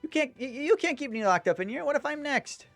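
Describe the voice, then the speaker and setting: A man's voice: extremely high pitch, expressive, a little fast, a bit bright, dry recording, pitched above the performer's own voice, heavily acted. A man voicing a nervous young woman who has turned amateur sleuth, with an anxious, pleading manner, over faint game music.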